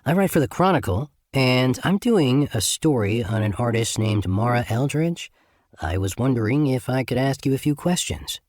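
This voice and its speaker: A man voicing his narrator putting on a clear, friendly reporter's voice with a slight Midwest twang. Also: medium pitch, lively intonation, moderate pace, a little mellow, no echo, clean studio sound, voice pushed up, natural voice. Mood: cheerful.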